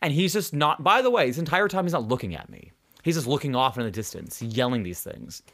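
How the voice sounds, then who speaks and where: Animated young man telling stories. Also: mid-range voice, brisk. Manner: animated, swearing, acts out quotes. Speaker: podcast host. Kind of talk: casual storytelling chat.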